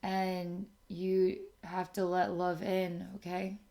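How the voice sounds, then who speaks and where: A woman giving a channeled spiritual reading to someone, speaking softly and often checking in with "okay?". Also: fairly low pitch, monotone. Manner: slow, soft, repeats okay to check in. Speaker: spiritual intuitive reader.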